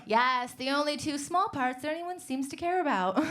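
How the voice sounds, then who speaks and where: A woman's voice: sits high, expressive, normal speed, fairly bright tone. A young woman from Northern California doing a stand-up set, sarcastic and teasing the audience. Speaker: stand-up comedian. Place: comedy club stage.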